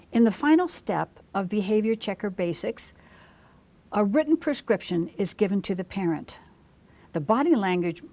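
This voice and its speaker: Woman instructor, scripted training narration, clear and measured delivery, mid-range pitch. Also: mellow. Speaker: instructor for healthcare providers.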